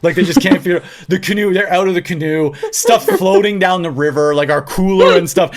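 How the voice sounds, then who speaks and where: A man in his thirties telling a story in a casual podcast chat, full of fillers and loud acted-out quotes. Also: high voice, normal speed. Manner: animated storytelling with frequent filler likes, shouting quoted lines. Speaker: podcast co-host.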